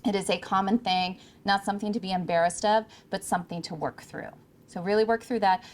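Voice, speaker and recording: A woman's voice: mid-range voice, steady tone, brisk. Woman coaching an audience, projected voice. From California. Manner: projected, emphatic coaching delivery. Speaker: speaker. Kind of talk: presentation to interns. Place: event room with audience. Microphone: handheld or podium microphone.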